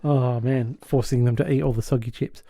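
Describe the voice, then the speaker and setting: A man hosting a podcast, retelling a sitcom episode in an animated way and chuckling often. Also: mid-range voice, normal speed, vocal fry, no echo. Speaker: podcast host.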